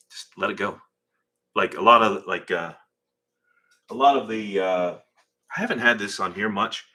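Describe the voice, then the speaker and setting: A man hosting a live stream from his garage, chatting and rambling while reading out viewer names. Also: sits low. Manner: rambling, animated, reads chat names aloud. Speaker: host of a live car-build stream. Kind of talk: casual live-stream chat. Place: home garage workshop.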